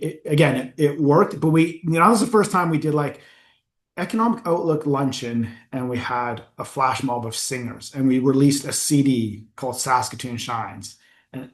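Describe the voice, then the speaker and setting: A man's voice: medium pitch, moderate pace. Chatty man telling stories, echoey room. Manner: lively, chatty, laughs at own stories, clears throat often. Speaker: forum founder giving a talk. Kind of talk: anecdotal storytelling talk.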